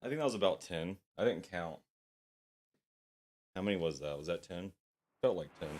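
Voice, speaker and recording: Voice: sits low, lively intonation, normal speed, pauses often, darkish tone, faint music behind. A livestreamer chatting casually on stream in a self-mocking, talkative way.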